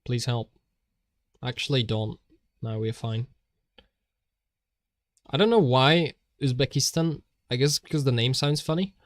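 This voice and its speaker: A man's voice: mid-range voice, a little slow, long pauses, dry recording. A man streaming while he draws, rambling in a jokey way and often laughing.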